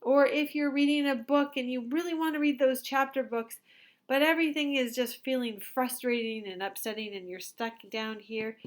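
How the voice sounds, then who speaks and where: A woman teacher talks to young children in a recorded lesson, gentle and expressive. Her voice sits a little high, and she speaks in a warm, patient way meant for small kids. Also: moderate pace. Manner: gentle and expressive, acting out a child's feelings in quotes.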